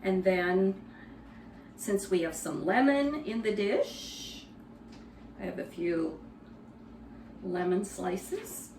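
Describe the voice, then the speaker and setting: A woman walks through a recipe in her kitchen at an unhurried pace, chatting casually as she works. Her voice sits a little back from the mic in a roomy space. A faint room hum runs underneath. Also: medium pitch, recorded from a distance. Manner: relaxed, conversational explaining with fillers. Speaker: cooking demonstrator. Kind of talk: cooking demonstration.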